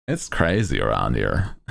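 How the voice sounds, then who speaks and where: Male streamer: extremely deep, lively pitch, casual rambling chat, laughs a lot. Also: slow, gravelly.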